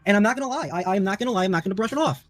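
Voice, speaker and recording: A man's voice: sits high, lively intonation, rapid-fire, dry recording. A man on a group voice call, heated and defensive, insisting on his honesty. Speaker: caller defending himself.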